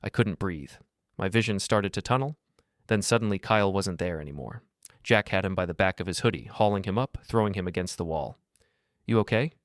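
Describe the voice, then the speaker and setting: An older man narrating a dramatic first-person story in a steady, scripted manner. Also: low-pitched, fairly quick, dry recording, clean studio sound.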